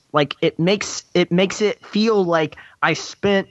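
A man co-hosting a casual film discussion, ranting in an animated way with lots of "like" and restarts. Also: high-pitched, slow, hardly any pauses, dry recording, highs cut off. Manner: animated ranting, heavy use of "like". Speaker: podcast co-host.

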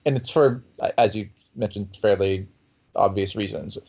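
A man's voice: fairly low pitch, moderate pace, vocal fry, a little mellow, husky, lo-fi sound. A man in a casual critical discussion, talking earnestly and emphatically with many filler words. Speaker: podcast panelist.

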